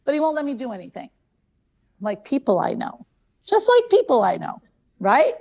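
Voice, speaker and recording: A woman speaks to a conference audience in a lively storytelling manner, circling back to repeat key phrases. Her voice sits fairly high with a gravelly rasp. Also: normal speed. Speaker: conference host. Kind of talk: conference talk.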